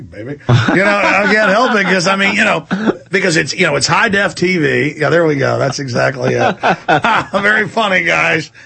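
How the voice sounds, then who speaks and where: A man's voice: on the high side, vocal fry, bright, forceful tone, breathy edge. A middle-aged man hosting a talk radio show, rambling and emphatic, repeating himself and mimicking other voices. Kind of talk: heated talk radio commentary.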